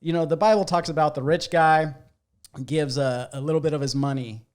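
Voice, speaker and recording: A man's voice: fairly high pitch, fairly quick, clear, resonant tone. A man co-hosting a podcast, chatting casually, swearing freely and acting out quotes as he tells stories. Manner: profane, animated storytelling with acted-out quotes. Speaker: podcast co-host. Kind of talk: casual chat.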